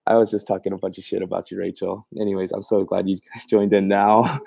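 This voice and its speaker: A man with a low, gravelly yet mellow voice talks fairly quickly in a flat delivery, recorded dry with the highs cut off. He's a mobile dog groomer chatting casually on a livestream, reading viewer comments aloud. He rambles in loose bursts, laughs often, and fills his speech with fillers and restarts.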